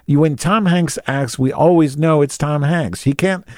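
A man's voice: on the high side, normal speed, a little mellow, no echo, studio quality. A man telling a rambling comic story, crude and sarcastic, often going off on tangents.

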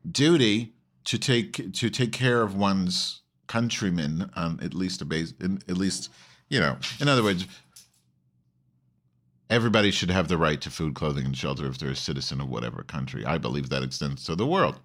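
A male host talks loosely to his online audience, swearing freely and veering between topics. His voice sits very low, and he restarts his sentences often in a campy, offhand manner. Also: moderate pace, a bit bright. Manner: profane, campy, rambling with many restarts. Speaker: host of an online call-in show. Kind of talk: casual rambling monologue.

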